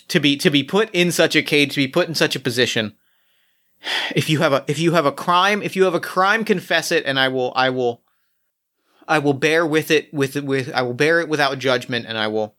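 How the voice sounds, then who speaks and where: A man playing Orpheus as a kind, earnest hero, speaking solemnly with many halting restarts. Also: on the high side, fairly bright tone. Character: Orpheus, earnest gentle male hero, merciful.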